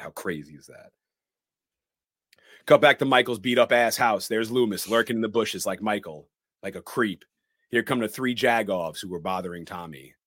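A man's voice: deep voice, a bit bright, no room sound, studio quality. A man co-hosting a podcast, recapping a movie scene by scene and acting out the characters' lines. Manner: narrates scenes dramatically, quoting characters in shifted voices. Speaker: podcast co-host.

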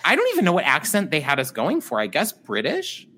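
A man's voice: on the high side, huge pitch swings, fairly quick, bright, forceful tone, husky. A young man co-hosting a podcast, telling rambling, self-deprecating stories and laughing often. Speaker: podcast co-host. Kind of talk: casual podcast chat.

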